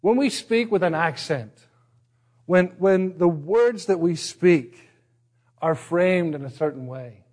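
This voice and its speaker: Middle-aged northern irish pastor, accent a bit americanized, preaching casually, lots of restarts, voice a little on the high side. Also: male voice, slow pace, a little mellow. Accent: Northern Irish, partly Americanized. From Northern Ireland. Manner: conversational, self-deprecating, with frequent restarts. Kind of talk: sermon.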